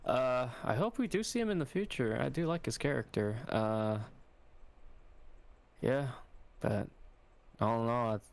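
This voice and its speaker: Gravelly young man, casual podcast chat. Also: mid-range voice, expressive, measured pace, pauses often. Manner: rambling, hesitant, lots of fillers. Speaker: podcast co-host.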